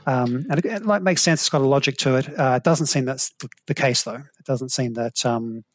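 A man's voice: mid-range voice, no room sound. Dry-voiced man with a New Zealand accent. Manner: thoughtful, measured, hedging. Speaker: guest, evolutionary psychology professor. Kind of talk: explanatory interview talk.

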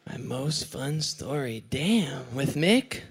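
A man's voice: medium pitch, lively intonation, slow, husky. A man from Hawaii telling a story casually as a panel guest, rambling, giggling and swearing as he goes.

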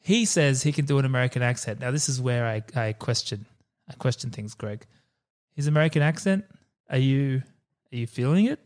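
A man's voice: medium pitch, lively intonation, a little fast, darkish tone. A man co-hosting a podcast, chatting casually about films with joking, rambling, sweary asides. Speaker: podcast co-host.

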